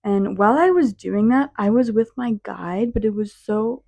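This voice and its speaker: A young woman co-host telling a story in an easygoing way, her mid-range voice recorded close and dry. She speaks with soft "um" and "like" fillers. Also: mid-range voice, moderate pace, gravelly, no room sound. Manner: relaxed recounting with soft fillers. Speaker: podcast co-host. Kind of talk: casual chat.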